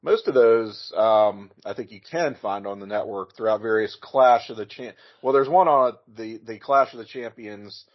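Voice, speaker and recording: Low-voiced male co-host, casual and halting; muffled podcast audio. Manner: thinks aloud with restarts. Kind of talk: casual chat. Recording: dull lo-fi audio.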